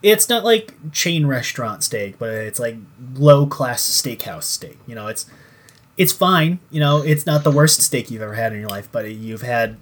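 A young man chatting casually as a podcast co-host, at a middle pitch. He rambles, restarts his sentences and swears freely as he picks apart a show's tropes. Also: expressive, normal speed. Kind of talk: casual profane chat reviewing a show.

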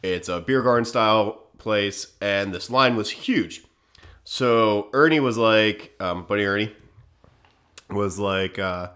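A man's voice: lowish voice, takes it slowly, a bit bright. A man co-hosting a podcast, telling a story in a loose, casual way, laughing often and acting out what people said. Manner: laid-back, laughs often, acts out quotes. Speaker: podcast co-host.

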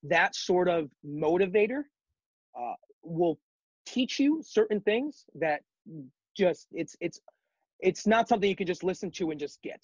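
Guy guesting on a podcast, breathy voice kinda high, lots of ums, muffled dry sound. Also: animated, unhurried, dry recording. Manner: reflective, encouraging, many ums. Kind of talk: casual chat.

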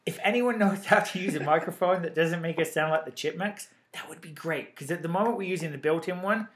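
A man's voice: on the high side, brisk, fairly bright tone. A man with an English accent, co-hosting a podcast in casual, teasing chat. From England. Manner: teasing, playful. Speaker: podcast co-host. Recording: built-in mic, home recording.

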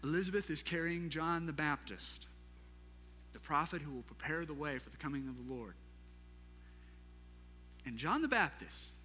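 A pastor preaching a sermon, retelling a scripture story in a lively way with asides to the congregation. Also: male voice, a little high, big-room sound, slight background noise.

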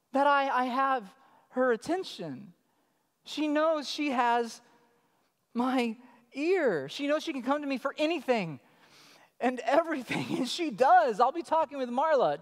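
A man in his thirties preaching a sermon as pastor, telling stories in an animated way and acting out his child's calls. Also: very high voice, moderate pace. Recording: long hall reverb.

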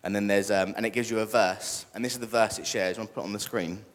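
A man's voice: fairly low pitch, steady tone, fast talker. A young British man preaching a casual sermon and joking with the congregation. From Britain. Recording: echoey church hall.

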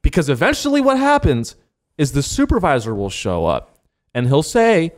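A man's voice: fairly high pitch, huge pitch swings, moderate pace. A man co-hosting a podcast in casual chat, acting out imagined back-and-forth dialogues and laughing often. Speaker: podcast co-host.

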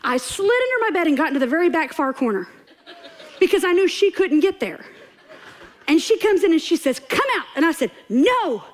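In an extremely high voice, a little fast, a female preacher addresses her congregation from the church stage. She laughs through a comic personal story within the sermon, acting out the quotes in an animated way.

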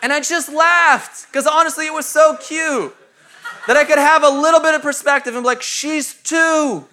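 A man's voice: extremely high pitch, fairly even intonation, fairly quick, pushed and bright, slight background noise. A man in his thirties, a pastor, preaching a sermon to a live congregation in a conversational, self-mocking way with asides to the room.

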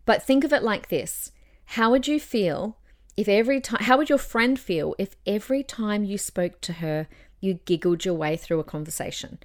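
A woman's voice: medium pitch, moderate pace. Chatty woman hosting a coaching podcast. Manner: chatty and encouraging, demonstrates tones with her own voice. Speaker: podcast host. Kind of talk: solo podcast talk, speaking coaching.

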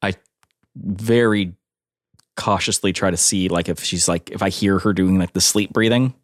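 A man's voice: deep voice, fairly even intonation, moderate pace, dry recording, clean studio sound. A man playing a tabletop role-playing game, laid back and explaining at length as he describes his character's actions. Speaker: player.

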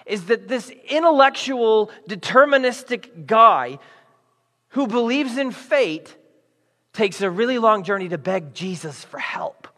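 Male pastor, high voice, conversational animated sermon, church hall with long reverb. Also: measured pace. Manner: conversational, animated, acts out the story. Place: church auditorium. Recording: echoey hall.

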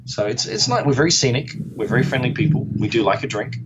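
A man's voice: mid-range voice, lively intonation, fast, highs cut off, background noise. An Australian man from Perth, chatting as an interview guest in a rambling, self-deprecating way. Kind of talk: casual interview chat.

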